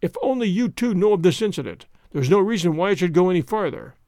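A man's voice: sits high, animated, quick pace, mellow, no echo, studio quality. A man voicing a proud, aging male nobleman who speaks in a stern, imperious way.

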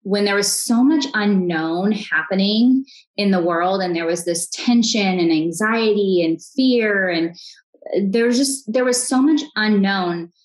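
A woman in her thirties, a podcast guest, talking earnestly and warmly upbeat in a conversational interview, often restarting her sentences. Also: medium pitch, unhurried, rough recording.

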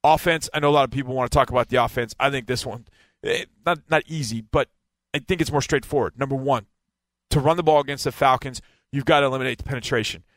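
A man breaks down a football game plan in an emphatic, hammering way, with a middle-pitched voice. He repeats key points to drive them home. His voice is close and dry, with no room sound. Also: fast, fairly bright tone, no echo. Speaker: football analyst.

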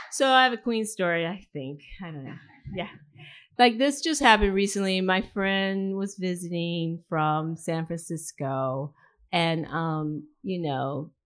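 Chatty woman author telling a story. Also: fairly low pitch. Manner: chatty storyteller, animated voices for dialogue. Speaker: author reading guest. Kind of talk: anecdote told to an audience. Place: live reading event indoors.

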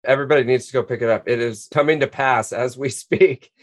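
A man's voice: medium pitch, fairly even intonation, quick pace. A man hosting a podcast interview, effusive and full of praise. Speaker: podcast host.

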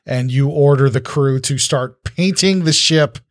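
A man's voice: medium pitch, unhurried, no room sound, clean studio sound. A man narrating as game master, rambling with many fillers and restarts.

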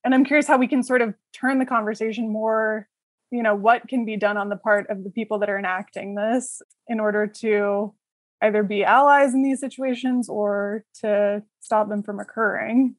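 A woman's voice: medium pitch, steady tone, moderate pace, dry recording, poor audio. A woman podcast host asking thoughtful, probing questions. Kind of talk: conversational podcast hosting.

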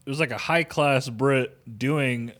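Mid-pitched man swearing in loose movie banter. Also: measured pace, fairly bright tone. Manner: profane, loose, joking. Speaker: podcast co-host. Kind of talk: casual movie review banter.

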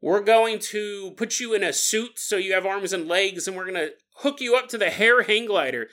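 A man's voice: high-pitched, moderate pace, fairly bright tone. A man hosting a podcast, telling a story in a playful, rambling way and laughing often. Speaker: podcast host.

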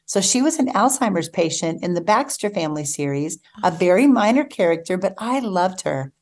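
Being interviewed on the radio, this woman novelist has a fairly low, animated voice and keeps a moderate pace. The chat is casual, and she comes across warm and eager, laughing frequently.

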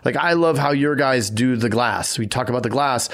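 A man co-hosting a casual podcast, talking shop and acting out quick sales pitches. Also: fairly bright tone. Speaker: podcast co-host. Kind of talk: casual chat.

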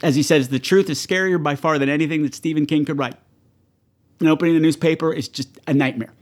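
A man's voice: a little high, steady tone, fast talker. A man hosting a horror movie show, talking casually and profanely to his viewers and shrieking in mock panic.

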